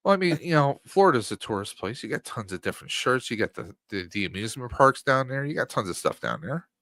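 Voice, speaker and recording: A man's voice: medium pitch, big pitch swings, fast, a bit bright, no echo. Rambling man in his forties. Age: 40s. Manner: rambling, lots of fillers like um and you know. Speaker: podcast guest. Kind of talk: casual podcast chat.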